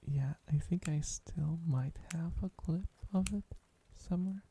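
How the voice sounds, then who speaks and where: An ASMR streamer rambling in a soft whisper, playful and giggly, meowing on viewers' requests, close to the microphone. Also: medium pitch, a little slow, vocal fry, slight background noise.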